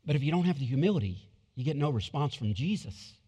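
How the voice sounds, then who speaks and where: High-voiced preacher in echoing hall. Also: male voice, expressive, fast talker, mellow, slightly rough. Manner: emphatic, repeats points, acts out quotes. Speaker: pastor. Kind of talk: sermon. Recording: long hall reverb.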